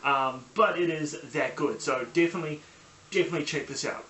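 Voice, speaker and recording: A young New Zealand man rambles through a casual review, full of ums and restarts. His voice is bright and forward, and it bounces around a small echoey room with a faint hiss behind it. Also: fairly high pitch, fairly quick. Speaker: podcast host. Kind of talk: casual solo review vlog. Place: small sunny room at home.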